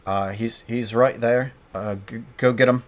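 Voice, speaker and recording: A man voicing a helpful townsperson who points the party toward someone, spoken lower and quieter than his narration. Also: steady tone, a little slow, natural voice.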